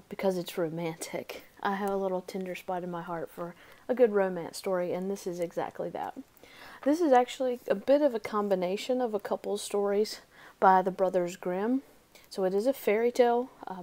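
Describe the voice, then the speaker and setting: A woman reading a fairy tale aloud, telling it in a lively, expressive way. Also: medium pitch. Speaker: storybook reader.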